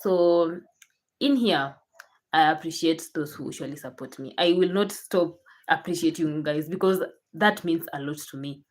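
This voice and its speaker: Young Kenyan woman, low voice, chatty vlogger who repeats herself and restarts. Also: normal speed. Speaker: YouTuber. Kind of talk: casual chat to camera.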